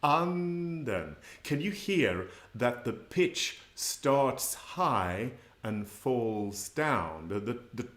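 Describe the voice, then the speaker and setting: A man teaching a live class, patient and laughing often as he says words slowly for learners to repeat. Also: medium pitch, lively intonation, reverberant. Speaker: Swedish language teacher. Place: presentation room with slides.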